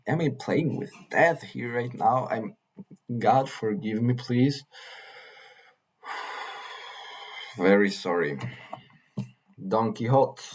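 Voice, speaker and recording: A man vlogging in a casual monologue, earnest and halting, often repeating and restarting his phrases. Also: on the low side, breathy edge, rough recording. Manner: earnest, mildly swearing.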